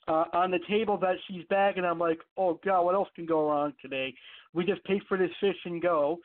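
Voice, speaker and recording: A man hosting an online radio show, telling a personal story in a rambling, casual way with many fillers and restarts. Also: high voice. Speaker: podcast host. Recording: tinny phone-line sound.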